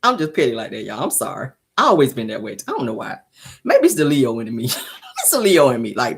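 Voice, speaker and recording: A woman's voice: extremely low pitch, huge pitch swings, fast, breathy edge. A woman hosting a celebrity gossip show from her car, talking casually, teasing and profane, laughing often.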